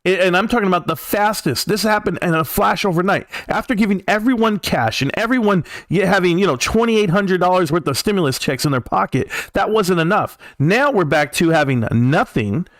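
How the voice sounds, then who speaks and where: Hoarse-voiced man hosting a market live stream. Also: high-pitched, animated, a little fast, few pauses, fairly bright tone, no room sound. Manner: emphatic, talks straight to viewers. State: voice worn from yelling. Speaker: host.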